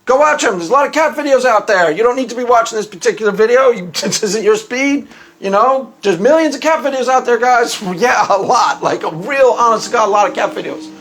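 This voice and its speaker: Rambling man with a high voice. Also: lively intonation, fairly quick, a bit bright. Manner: rambling, repeats himself, chuckles often. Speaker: YouTube commentator. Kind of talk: casual monologue.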